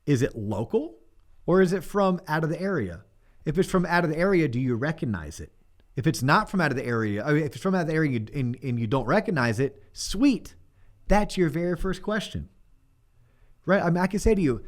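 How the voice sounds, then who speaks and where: A man's voice: fairly high pitch, very animated, a little fast. A middle-aged man hosting a podcast, chatting casually and acting out sample phone calls as he coaches small talk. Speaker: podcast host, mortgage coach. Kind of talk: casual chat.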